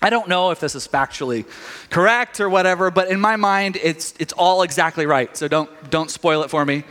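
High-voiced pastor in echoing hall. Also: male voice, fairly quick. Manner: storytelling, animated quoted voices. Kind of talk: sermon. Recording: long reverb of a large hall.

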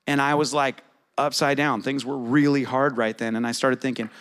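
A man's voice: mid-range voice, steady tone, normal speed, a bit bright. A middle-aged man preaching a sermon in a conversational way, asking his congregation questions. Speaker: pastor.

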